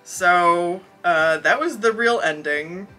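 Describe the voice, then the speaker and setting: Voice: medium pitch, slow, pushed and bright, far from the mic, faint music behind. A podcast co-host reading a children's storybook aloud and breaking off for wry, joking asides. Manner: wry, laughing commentary.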